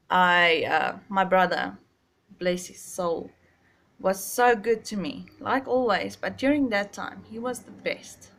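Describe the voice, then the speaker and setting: Slow, halting woman telling a sad story. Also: medium pitch, fairly bright tone. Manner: halting, emotional, many restarts and pauses. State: stuffy, sinus. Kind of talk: personal storytelling to camera.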